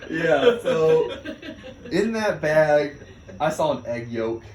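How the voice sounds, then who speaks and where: Young sailor telling an animated story. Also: male voice, a little high, slow pace, a little hiss or hum. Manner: animated, laughs often, acts out quoted shouts. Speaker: Navy sailor recounting a deployment. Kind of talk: casual spoken storytelling. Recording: echoey room.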